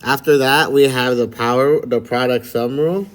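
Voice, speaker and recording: A man's voice: mid-range voice, normal speed. Man, math teacher for a video lesson, easygoing and chatty, keeps checking in with the class. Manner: relaxed and chatty, checks in with frequent "all right?" and "okay?". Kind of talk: casual recorded lesson for students.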